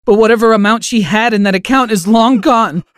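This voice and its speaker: A man's voice: high voice, animated, normal speed, slight background noise, pitched above the performer's own voice. A man voicing a teenage boy who pleads in a choked, tearful way.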